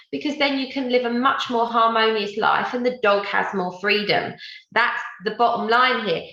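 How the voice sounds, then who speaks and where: A woman dog trainer chatting on a podcast, animated and often quoting her clients. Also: a little high, creaky, echoey room, lo-fi sound. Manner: animated, quotes clients in lively voices. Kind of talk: casual podcast chat.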